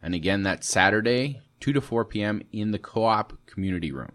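A man's voice: lowish voice, fairly quick. A man co-hosting a community radio show, playful and joking as he reads listings. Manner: playful, joking, lively ad-style delivery. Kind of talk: casual radio chat. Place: radio studio.

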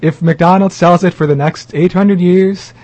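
A man's voice: high-pitched, steady tone, unhurried, a little mellow, lo-fi sound. A man co-hosting a community radio show in casual chat, joking and sarcastic, laughing often.

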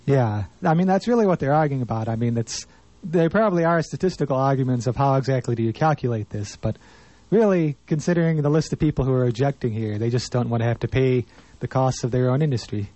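A man's voice: mid-range voice, fast talker, mellow, dry recording. A man co-hosting community radio news, agreeable and earnest, slipping in dry puns. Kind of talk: casual on-air chat and listings.

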